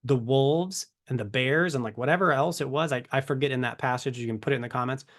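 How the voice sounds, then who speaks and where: A man's voice: mid-range voice, fast talker, fairly bright tone. A man giving a casual Bible teaching to camera, conversational and full of rhetorical questions. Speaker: ministry teacher.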